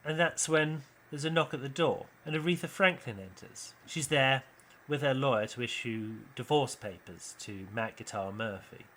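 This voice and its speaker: A British man hosting his channel, telling a film pitch as a story and acting out the quoted lines in raised voices. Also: moderate pace, fairly bright tone. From United Kingdom. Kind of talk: animated storytelling monologue.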